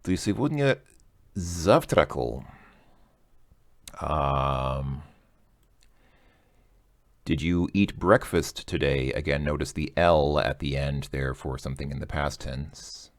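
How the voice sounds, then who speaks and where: Man, very deep voice, dry close sound, chatty joking teacher. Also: takes it slowly, no echo. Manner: chatty, joking, thinking aloud. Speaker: language teacher. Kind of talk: casual explaining lesson.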